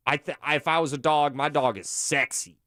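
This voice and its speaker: Co-host, male, slightly high voice, goofy and earnest, close dry mic. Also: fairly even intonation, moderate pace, bright, forceful tone, no echo. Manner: goofy, earnest storytelling, defiant. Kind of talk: casual banter on a live talk show.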